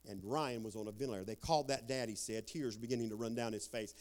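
Dramatic storytelling preacher. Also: male voice, fairly low pitch, fast. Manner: dramatic, swinging from hushed to loud. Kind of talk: sermon with storytelling.

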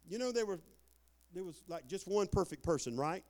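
Pastor, male; folksy, energetic preacher, voice pitched high and full of swings. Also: fast talker. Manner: animated, whooping and shouting, folksy preaching. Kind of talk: lively sermon.

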